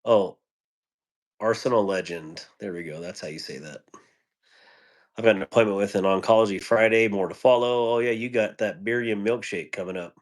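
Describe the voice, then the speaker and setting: Chatty, joking man with a lowish voice. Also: normal speed. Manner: chatty and joking, rambling asides. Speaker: live-stream host. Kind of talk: casual live-stream chat, greeting viewers. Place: home. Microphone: phone.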